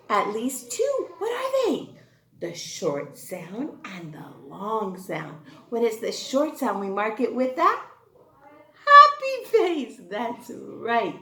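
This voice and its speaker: A woman teaching a kindergarten class. She talks slowly and clearly, asks questions and answers them herself, and praises the children. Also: medium pitch, fairly bright tone, reverberant. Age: adult. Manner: slow, clear and encouraging. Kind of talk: online class lesson.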